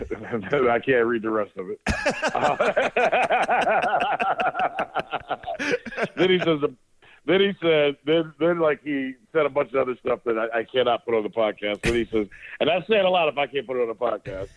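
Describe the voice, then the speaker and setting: A man's voice: medium pitch, animated, fairly quick, no room sound. A man co-hosting a podcast, telling loose stories in casual sports chat. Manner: loose storytelling with laughs. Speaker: podcast co-host. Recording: tinny phone line.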